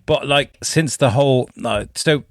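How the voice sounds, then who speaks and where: A man's voice: mid-range voice, a little slow, dry recording, studio quality. A man co-hosting a podcast, joking around and swearing freely in casual chat. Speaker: podcast co-host.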